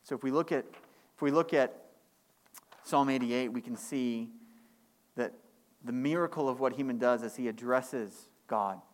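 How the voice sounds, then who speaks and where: A man preaching a sermon as pastor, climbing higher and louder on key points and dropping low and quiet in reflective stretches. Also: moderate pace, pauses often. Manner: impassioned, rising in pitch and force on key points; drops to a quiet, low delivery for reflective passages.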